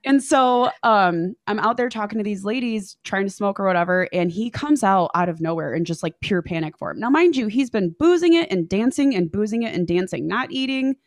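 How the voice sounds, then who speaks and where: A woman's voice: medium pitch, expressive, a little fast, few pauses, no echo, clean studio sound. Woman swearing through a casual story. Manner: profane, breezy, chatty.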